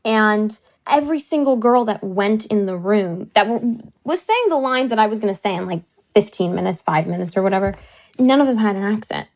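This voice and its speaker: A woman actress talks through her work in a casual interview, chatty and animated. Her voice sits at an ordinary middle pitch, and she tumbles from one aside into the next. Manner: chatty, animated storytelling with quick asides and laughs.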